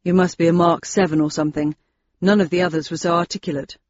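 Woman reading a guarded, sarcastic husband; measured, cool, slightly husky, dry dull sound. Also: on the low side, fairly even intonation, darkish tone, no room sound, voice pushed down, natural voice. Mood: intrigued. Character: dry, wary middle-aged male husband, sarcastic.

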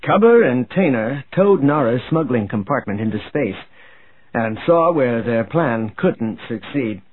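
A man reads a space adventure aloud as narrator, steady and measured, at a mid pitch. The recording is narrow and tinny, like a phone line. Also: a little hiss or hum. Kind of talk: audiobook narration.

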